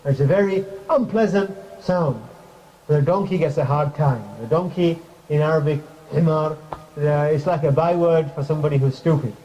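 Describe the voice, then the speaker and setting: A man delivers a relaxed sermon in a mosque hall. His voice is fairly high but mellow and dark, and he talks easily with the audience. The recording is crackly and muffled, with a faint hiss behind him. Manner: conversational, asks the audience questions, light jokes; recites Arabic verses quickly. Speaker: speaker giving a mosque talk. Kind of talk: informal sermon.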